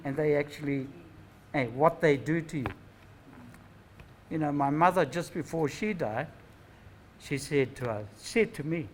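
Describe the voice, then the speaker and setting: A man's voice: fairly high pitch, expressive, normal speed, a little hiss or hum, low-quality recording. An older man with a New Zealand accent, telling family stories in a rambling, reflective way at a gathering and often tagging his thoughts with "eh?". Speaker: speaker at a Māori knowledge gathering. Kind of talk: anecdotal storytelling talk.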